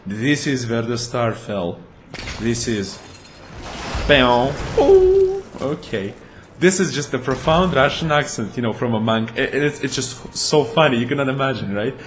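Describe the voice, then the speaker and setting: A man chats his way through a video game at a medium pitch. He talks in a playful, rambling way and throws in silly sound effects. Faint noise sits behind him. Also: big pitch swings, measured pace. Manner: chatty and playful, makes goofy sound effects. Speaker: gameplay commentator. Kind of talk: casual let's-play commentary.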